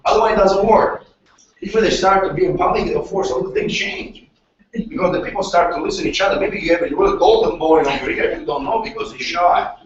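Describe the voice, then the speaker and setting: A man from Italy, a manager, talking casually in animated, broken English with an Italian accent, swearing freely and repeating himself. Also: high voice, brisk, a little hiss or hum. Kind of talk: casual chat. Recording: distant muffled echoey recording.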